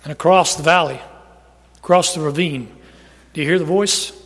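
A high-pitched male pastor preaches with emphasis, pushing some phrases out loud and letting others sink to a near hush. His voice rings out with a long reverb, as if in a large hall. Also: normal speed, husky. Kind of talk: sermon.

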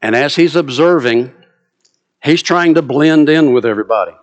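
A man's voice: fairly high pitch, moderate pace. A man preaching a sermon, retelling a story with drama and vivid asides.

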